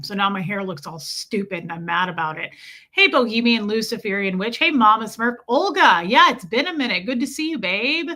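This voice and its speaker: A young adult woman hosting a casual livestream from home, chatty and friendly as she greets viewers by name. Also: medium pitch. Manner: chatty, warm greetings, frequent laughs. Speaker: livestream host. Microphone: streaming setup mic.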